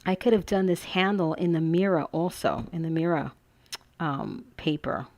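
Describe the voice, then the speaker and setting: A woman's voice: on the low side, fairly quick, darkish tone, no room sound. Chatty, gushing woman teaching crafts. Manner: chatty and gushing, thinks aloud. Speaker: craft tutorial host. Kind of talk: casual crafting tutorial.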